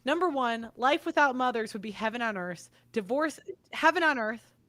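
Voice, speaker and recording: A woman's voice: a little high, animated, normal speed, fairly bright tone. A young woman hosting a podcast, delivering an angry, profane monologue and repeating her points. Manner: swearing, ranting, repeats herself. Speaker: podcast host.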